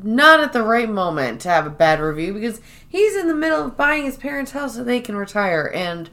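Animated woman recapping a show. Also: on the high side, brisk. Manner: animated storyteller, acts out quoted lines. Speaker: podcast co-host. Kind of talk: casual recap chat.

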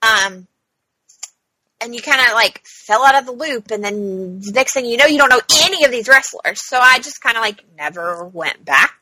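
A woman's voice: a little high, animated, moderate pace, pushed and bright, no echo, rough recording. A woman in her thirties co-hosting a podcast, chatting casually with lots of "like" and "um". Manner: chatty, many "like" and "um" fillers. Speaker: podcast co-host. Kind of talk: casual chat.

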